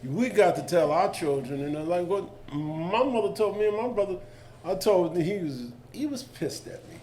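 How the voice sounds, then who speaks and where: Speaking at normal speed in a high voice, a man in his seventies tells stories on a panel, lively and colloquial, taking on the voices of the people in them. A little hiss or hum can be heard.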